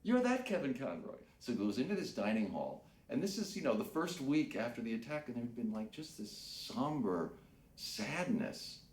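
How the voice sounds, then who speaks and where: A male voice actor telling a story in an interview, measured and pausing. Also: mid-range voice, big pitch swings, a little mellow, echoey room, slight background noise.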